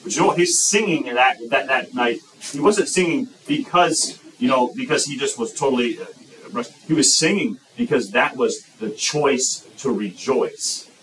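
A man preaching a sermon as pastor, lively and emphatic, breaking into excited shouts. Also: mid-range voice, normal speed, far from the mic, a little hiss or hum, poor audio.

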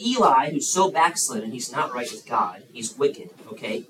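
A man's voice: a little high, moderate pace, hardly any pauses, echoey room, far from the mic, a little hiss or hum, poor audio. A man preaching to children at a youth camp, asking them questions and acting out the voices in the story. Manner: animated, acts out the story's voices, asks the kids questions. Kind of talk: sermon to children. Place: large room at a campground.

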